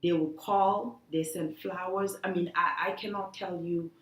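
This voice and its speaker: A woman being interviewed, talking earnestly and haltingly, with many restarts. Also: fairly low pitch, steady tone, a bit bright. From The Gambia. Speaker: guest, cancer survivor. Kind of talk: emotional interview talk. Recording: echoey room.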